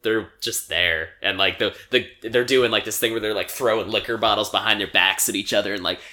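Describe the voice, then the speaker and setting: A young man casually recapping a movie on a podcast, rambling with lots of fillers and quick acted-out quotes. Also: on the low side, sharp tone. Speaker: podcast co-host.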